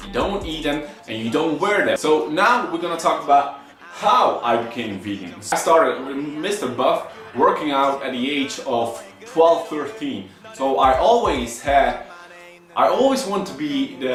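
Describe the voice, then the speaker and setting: A young man vlogs in an earnest, rambling way, stumbling through fillers as he explains. His voice sits a bit high for a man and sounds roomy and set back from the mic, with faint music underneath. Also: a bit bright, distant mic. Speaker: vlogger. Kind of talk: casual chat. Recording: echoey room, off-mic, faint background music.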